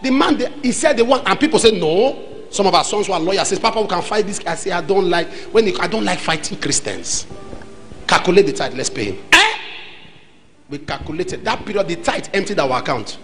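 A man's voice: a little high, poor audio. A man with a Nigerian accent preaching a sermon as pastor, acting out the voices in his stories. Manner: animated, acts out dialogue, shifts between loud and soft. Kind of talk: sermon with acted anecdotes.

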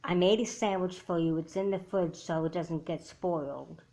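A woman's voice: on the low side, normal speed, warm tone, natural voice. A woman voicing a grumpy, resentful big-sister girl in a homemade doll movie, talking in a snappy, dismissive way. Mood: curt. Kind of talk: home doll-movie voice acting.

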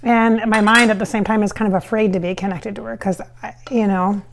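A woman's voice: medium pitch, steady tone, brisk, slight background noise. A woman chatting casually in a vlog while she cooks at home. She rambles, with many fillers and restarts. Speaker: psychic medium vlogger. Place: home kitchen with hardwood floors.

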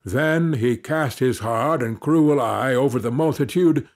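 A man narrating a classic story as an audiobook in a measured, dramatic reading. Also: medium pitch.

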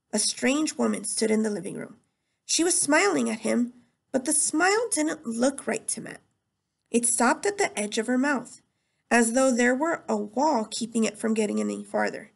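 A woman teacher reads a novel chapter aloud at a steady storytelling pace. Her voice sits somewhat high with a noticeable gravelly fry. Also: moderate pace.

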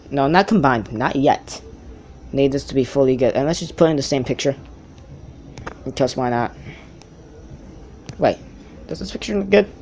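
A young man giving casual, rambling commentary while playing a card game on a tablet, often correcting himself and getting excited over good pulls. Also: mid-range voice, slight background noise. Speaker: mobile game player. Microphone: tablet's built-in mic.

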